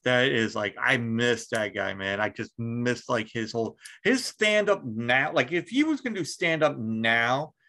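A man's voice: mid-range voice, measured pace, gravelly, hardly any pauses. A man hosting a podcast in casual chat, rambling and swearing freely as he tells stories. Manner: profane, rambling, animated storytelling. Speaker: podcast host.

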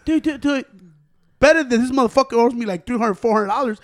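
High-voiced rowdy ranting podcast man. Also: quick pace. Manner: profane, rowdy ranting with bursts of laughter, drops Spanish words. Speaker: podcast co-host. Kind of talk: casual chat.

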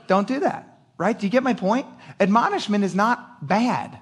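A man's voice: high voice, animated, moderate pace, pauses often, husky. A middle-aged male pastor giving a casual, conversational sermon, acting out quotes with lots of energy and laughing often.

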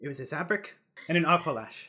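A man's voice: on the high side, expressive, quick pace, sharp tone. A man narrating a tabletop role-playing game as game master, playful and laughing often.

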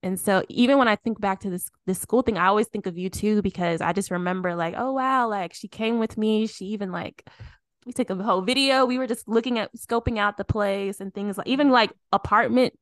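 A woman's voice: mid-range voice, dry recording. Young woman reminiscing in a casual podcast chat. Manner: warm, reflective, halting with restarts and laughs. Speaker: podcast co-host.

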